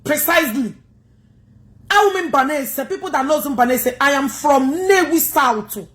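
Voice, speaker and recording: A Nigerian woman with an Igbo accent rants combatively on a livestream. Her voice sits high, and she scolds her viewers head-on. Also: expressive, moderate pace, a bit bright.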